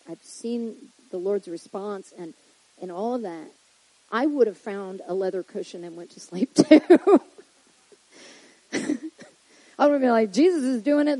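A woman's voice: medium pitch, measured pace, long pauses, warm tone, husky, no echo, rough recording. A woman preaching a humorous sermon in a chatty way, joking and making frequent asides to the congregation.

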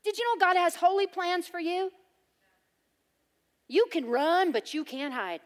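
Woman preacher with a high voice, loud and emphatic, playful humor. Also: animated, measured pace. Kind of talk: sermon.

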